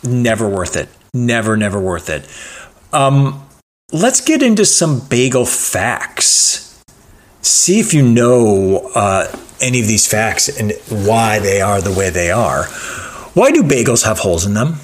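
A man's voice: fairly low pitch, big pitch swings, a little slow, slight background noise. A man co-hosting a casual chat, laid-back and joking as he reads out trivia facts. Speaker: podcast co-host. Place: Los Angeles.

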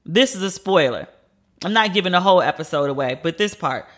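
A woman's voice: lowish voice, lively intonation, a little fast, fairly bright tone. A woman hosting a podcast, giving blunt, profane and incredulous casual commentary on TV shows and the news.

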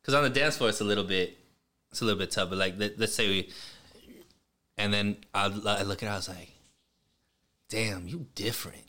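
A man's voice: on the low side, fairly even intonation, fast, pauses often, pushed and bright. A man co-hosting a casual podcast, animatedly telling a story to friends. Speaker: podcast co-host. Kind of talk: casual group banter.

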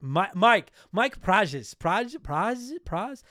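A man's voice: high-pitched, sing-song, very slow, sharp tone, no room sound, studio quality. A man hosting a podcast at home, answering listener mail in a blunt, profane, ranting way. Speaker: podcast host. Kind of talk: casual podcast talk reading listener mail. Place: home room with game shelf.

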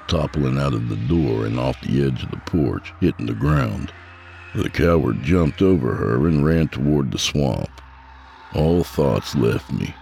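Very deep, gravelly male storyteller. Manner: grim, measured. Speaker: narrator. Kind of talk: first-person horror story narration. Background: soft guitar music.

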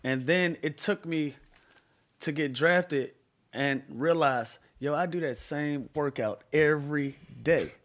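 A man who plays professional basketball, a podcast guest, talking casually and telling stories in a relaxed, easygoing way. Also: a little high, slow pace. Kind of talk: casual chat.

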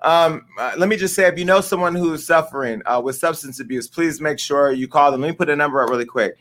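A man's voice: on the high side, fast, hardly any pauses, a bit bright. A middle-aged man hosting a casual commentary show, talking candidly and emotionally straight to his viewers. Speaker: host.

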